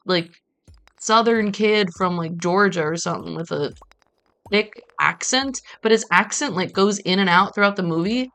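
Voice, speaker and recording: A woman's voice: mid-range voice, a bit bright. A woman from Brazil streaming a farming game, talking in a chatty, rambling way with casual swearing. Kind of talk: casual gaming stream commentary.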